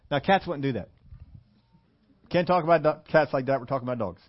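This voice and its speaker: A man's voice: medium pitch, brisk, pauses often, highs cut off. A male pastor giving a conversational sermon, reading scripture and asking the congregation rhetorical questions with humorous asides.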